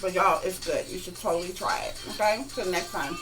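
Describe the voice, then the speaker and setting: A woman hosting a casual cooking video, talking slowly and warmly to her viewers as guys and y'all. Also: on the low side, music in the background, poor audio. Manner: slow, drawn-out, homey, addresses viewers as guys and y'all. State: talking with mouth full at times. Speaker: cooking vlogger. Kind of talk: casual cooking demo chat.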